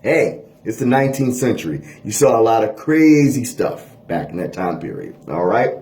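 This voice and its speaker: A man lecturing on a court case in a lively teaching voice, checking in with listeners often. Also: lowish voice, normal speed, reverberant. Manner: animated lecturing, frequent "all right?" checks. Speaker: history teacher. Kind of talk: lecture video.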